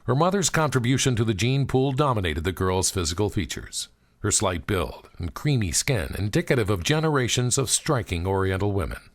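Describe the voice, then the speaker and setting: A man narrating an audiobook in a measured, expressive storytelling manner. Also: on the low side.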